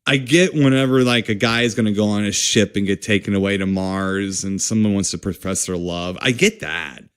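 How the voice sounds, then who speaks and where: A man's voice: fairly low pitch, moderate pace, clear, resonant tone. A man co-hosting a podcast, riffing playfully on films and laughing often. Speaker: podcast co-host. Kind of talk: casual chat.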